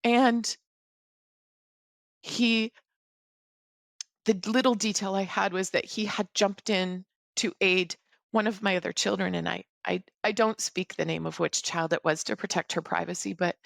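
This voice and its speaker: A middle-aged woman telling a personal story as a podcast guest, in an earnest, halting, reflective way. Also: medium pitch, steady tone, vocal fry, no echo, clean studio sound.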